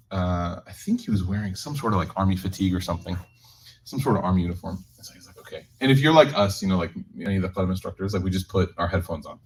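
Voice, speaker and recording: In a community gathering room full of listeners, an imam tells a joking story with animated energy, then slows down to lead a closing prayer. His voice sits low, and the poor audio carries a slight hiss or hum.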